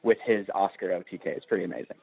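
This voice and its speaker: A man's voice: low voice, rapid-fire, gravelly, breathy edge. A man, a film producer guest on a podcast, telling a story with enthusiasm and laughter in casual chat. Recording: tinny phone-like line.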